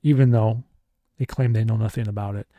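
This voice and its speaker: A man's voice: fairly low pitch, steady tone, fairly quick, mellow, no room sound, lightly acted. Man playing a probing starship commander. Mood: pressing.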